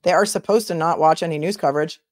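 A woman's voice: sits low, quick pace, a little mellow, dry recording, clean studio sound. A woman attorney hosting a casual livestream, chatting and answering viewer comments as she thinks aloud.

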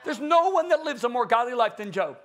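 Animated, high-voiced man preaching a sermon. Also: fairly quick. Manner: animated, emphatic, acts out quotes with big pitch swings. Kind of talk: conference sermon.

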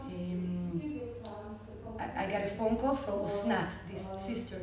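A woman medical clown with an Israeli accent telling a personal story to a panel audience, animated, with frequent laughter and halting restarts. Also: mid-range voice, a crowd in the background. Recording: echoey hall, distant mic, audience noise.

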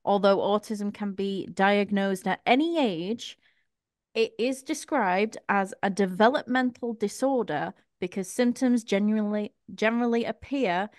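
A chatty British woman hosts a podcast in a casual, giggly way. Her pitch sits in a middle range. The sound is dry and close. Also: a little slow, no room sound. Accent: British English. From England. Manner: chatty, giggly, reads from notes. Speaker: podcast host. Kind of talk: casual group chat.

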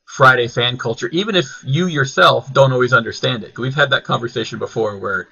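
Enthusiastic male host, bright husky voice. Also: medium pitch, brisk, highs cut off. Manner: enthusiastic, admiring, stumbles on words. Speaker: interview host. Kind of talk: friendly interview questions.

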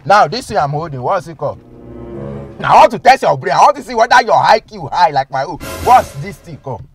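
A man's voice: high-pitched, very animated, fairly quick, creaky, soft background music. A man with a Nigerian accent playing a boastful comic driving instructor in a comedy skit, mixing pidgin and English and laughing often.

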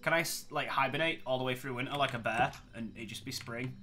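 Excitable gamer, bright voice. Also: male voice, mid-range voice, fast, slight background noise. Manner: excitable, exclamatory. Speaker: gameplay channel host. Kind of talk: let's play commentary.

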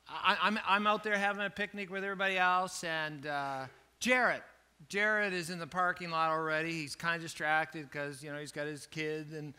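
High, sharp-voiced male pastor preaching. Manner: storytelling, animated, self-joking. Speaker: lead pastor. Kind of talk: sermon.

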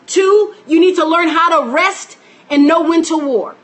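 A woman's voice: very high-pitched, unhurried, a bit bright. A woman minister preaching with emphatic repetition, greeting listeners by name as she teaches. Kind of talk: preaching sermon.

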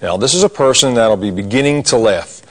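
With an expressive, medium-pitched voice and a slightly quick pace, a middle-aged drawing teacher walks through a cartoon lesson. He keeps up a folksy patter of corny gags while describing each step he draws.

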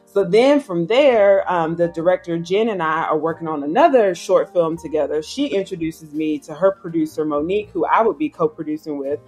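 A woman, telling an animated story as an interview guest and acting out other people's voices. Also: fairly low pitch, moderate pace, hardly any pauses, soft background music. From South Carolina, US. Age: 30s. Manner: acts out quoted voices, slangy and emphatic. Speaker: guest filmmaker. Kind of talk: animated storytelling in casual chat.

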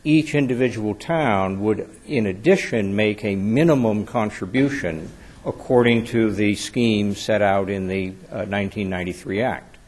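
Husky-voiced male attorney arguing formally. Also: lowish voice, darkish tone. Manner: measured and deferential, addresses the bench formally. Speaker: attorney arguing before an appeals court. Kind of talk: formal legal argument. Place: courtroom.

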